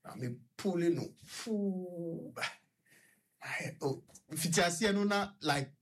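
A man with a Ghanaian accent, a guest on a radio talk show, telling a personal story in a halting, rambling way, full of fillers and restarts. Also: high voice, slight background noise. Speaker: guest recounting his experience.

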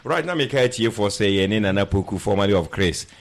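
A man hosting a casual interview, relaxed and chatty, giving short replies of agreement. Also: on the low side, quick pace, vocal fry, a crowd in the background. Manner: relaxed, chatty, laughs easily, short backchannels. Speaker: interviewer host.

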